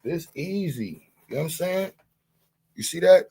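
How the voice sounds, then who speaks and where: A man's voice: a little high, lively intonation, moderate pace, vocal fry, mellow, slight background noise. A man on a live-stream panel, boasting and taunting, leaning on the same catchphrases again and again in a heated rant.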